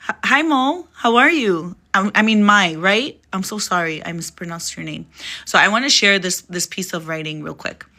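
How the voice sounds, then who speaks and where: Chatty woman live-streaming, bright voice. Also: medium pitch, moderate pace. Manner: chatty, rambling, laughs often. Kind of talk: casual live-stream chat and poem reading.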